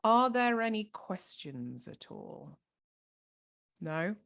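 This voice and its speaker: A woman leads an online workshop in an encouraging, instructive way. Her voice sits at a middle pitch, and she talks participants through each task step by step. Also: very animated, slow pace, gravelly, fairly bright tone. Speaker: workshop facilitator. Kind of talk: online training session.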